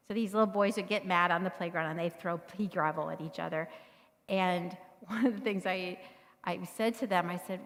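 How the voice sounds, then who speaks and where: A middle-aged woman teaches a live parenting workshop in a church meeting room, speaking conversationally and regularly checking in with her listeners. Her voice sits at an ordinary middle pitch. The sound carries a long reverb tail from the hall. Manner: conversational, asks the room "right?" often. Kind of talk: live workshop talk to an audience.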